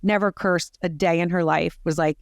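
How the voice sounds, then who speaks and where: Brief: middle-aged woman guest, animated storyteller, filler-heavy, dry close sound. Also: lowish voice, normal speed, creaky, no echo. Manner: animated, lots of "like" fillers and restarts. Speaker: podcast guest. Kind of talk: personal storytelling in conversation.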